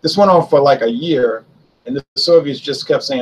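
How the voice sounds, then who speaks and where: Guy with a husky kinda breathy voice just talking thru history casually, asks himself questions then answers em. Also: medium pitch, normal speed, poor audio. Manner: conversational, poses and answers his own rhetorical questions. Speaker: history video host. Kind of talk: casual spoken history commentary.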